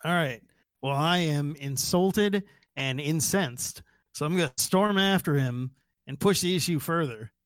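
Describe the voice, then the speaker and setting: A man's voice: fairly high pitch, a little slow, no room sound, studio quality. A man playing a tabletop game, sighing often and mock-indignant. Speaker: player. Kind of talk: casual tabletop play.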